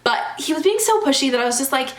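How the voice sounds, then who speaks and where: A high-pitched young woman talking straight to camera in a casual storytime vlog. She is chatty and animated, leans on "like" as a filler, and sounds exasperated. The room gives her voice a noticeable echo. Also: fast. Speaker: vlogger. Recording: echoey room.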